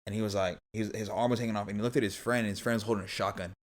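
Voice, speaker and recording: A man's voice: on the low side, fairly even intonation, very fast. A young man telling a story as a podcast guest in a casual, rambling way, full of "like" and restarts.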